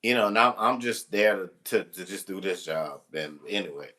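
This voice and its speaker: A man's voice: deep voice, lively intonation, normal speed, bright, forceful tone. A man who works as a substitute teacher, telling a rambling, exasperated and joking story with mild cursing. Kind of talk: casual storytelling to camera.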